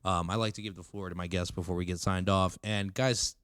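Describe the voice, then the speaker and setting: A man hosting his own podcast in casual chat, loose and profane and quick to laugh. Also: deep voice, steady tone, a bit bright, smooth, no room sound. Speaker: podcast host. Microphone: condenser mic.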